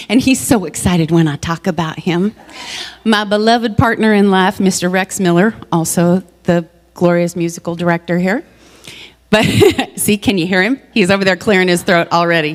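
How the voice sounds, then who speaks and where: A woman gives a sermon in the form of personal stories. She talks in an animated, self-mocking way and laughs often. Her voice carries with the long reverb of a large hall. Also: medium pitch. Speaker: guest speaker at a church service. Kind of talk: storytelling sermon.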